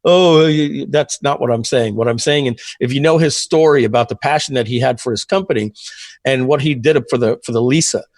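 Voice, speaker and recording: A man's voice: medium pitch, brisk, darkish tone, dry recording. Rambling fifties man, dry close sound. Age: 50s. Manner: rambling, frequent fillers and throat-clearing. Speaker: guest, software entrepreneur. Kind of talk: casual interview storytelling.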